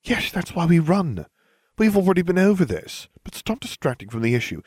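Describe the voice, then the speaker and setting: A man's voice: sits high, sing-song, fairly quick, a little mellow, breathy edge, dry recording, studio quality, voice pushed up, exaggerated voice. A man voicing a smug, condescending teenage boy wizard in an audiobook reading. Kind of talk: audiobook fan fiction reading.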